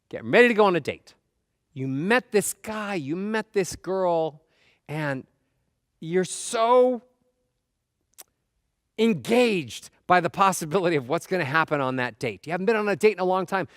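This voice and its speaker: Male motivational speaker, high voice, dry close sound, fires rhetorical questions and acts out inner voices. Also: a bit bright, dry recording. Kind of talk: motivational talk.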